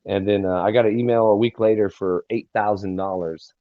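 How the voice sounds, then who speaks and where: A man's voice: on the low side, fairly even intonation, no echo. Drawling man, dull dry sound. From Texas. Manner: rambling, halting, many fillers and restarts. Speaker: guest singer-songwriter. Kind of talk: casual storytelling interview.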